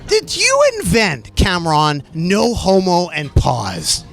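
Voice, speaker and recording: Excitable guy interviewing in a club, high voice that leaps around a lot. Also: slow pace, vocal fry. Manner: excitable, wildly swooping high voice. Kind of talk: energetic interview. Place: music club. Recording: faint music behind in a club.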